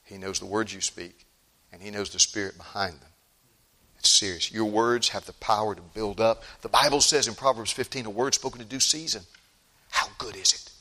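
A male pastor preaching a sermon emphatically, repeating phrases and swinging from loud outbursts to hushed tones. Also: fairly low pitch.

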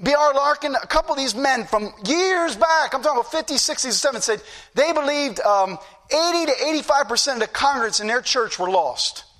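A man's voice: extremely high pitch, lively intonation, a little fast, a bit bright. A middle-aged man preaching a fervent sermon, repeating phrases for emphasis.

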